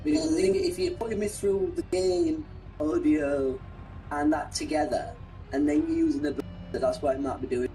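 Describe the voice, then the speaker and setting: A man's voice: fairly high pitch, expressive, normal speed, warm tone, distant mic, soft background music, poor audio. A man co-hosting a gaming stream, joking energetically and rambling through tangents. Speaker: co-host. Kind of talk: casual let's-play chat.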